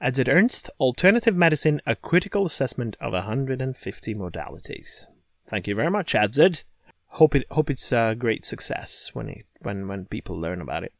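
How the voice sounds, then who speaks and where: A man's voice: mid-range voice, very animated, normal speed, vocal fry, no echo. Guy cohosting a chatty podcast, eager, stumbles over his starts, very dry close sound. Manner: enthusiastic, repeats words when starting sentences. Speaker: podcast co-host. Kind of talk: casual podcast chat.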